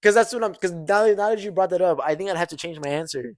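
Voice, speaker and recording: A man's voice: high voice, quick pace, dry recording, clean studio sound. A young man co-hosting a podcast, bantering casually in slang and laughing often. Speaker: podcast co-host. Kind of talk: casual chat.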